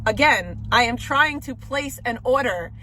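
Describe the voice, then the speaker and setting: A woman's voice: a little high, expressive, a little slow, sharp tone. A woman livestreaming, venting in exasperated, profane bursts while arguing on a phone call. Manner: exasperated, profane, repeats herself.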